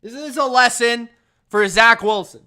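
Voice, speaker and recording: High-voiced man ranting emphatically. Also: a little slow, pushed and bright, clean tone. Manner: emphatic, repetitive, addresses viewers as bro. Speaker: sports show host. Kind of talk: casual opinion rant.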